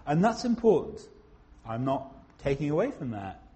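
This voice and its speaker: A man preaching a sermon in a slow, emphatic way, pausing for weight on single words. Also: a little high, sing-song, dark tone. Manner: slow, emphatic, with dramatic pauses.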